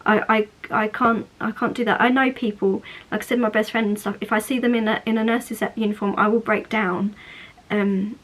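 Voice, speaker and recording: A woman's voice: medium pitch, steady tone, moderate pace, poor audio. A woman in her thirties from England, talking candidly to the camera in a casual vlog, chatty and full of restarts. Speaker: vlogger.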